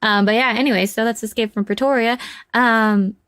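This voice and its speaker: A woman giving a casual spoken movie review, rambling and chatty with many fillers, animated as she retells scenes. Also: fairly high pitch, normal speed, smooth, no room sound.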